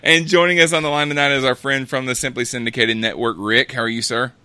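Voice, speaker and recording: Bright, chatty male podcast host. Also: mid-range voice, steady tone, fast talker, clean tone, no echo. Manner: chatty, laughs often, loose self-correcting delivery. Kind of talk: casual chat. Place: home setup on a remote call.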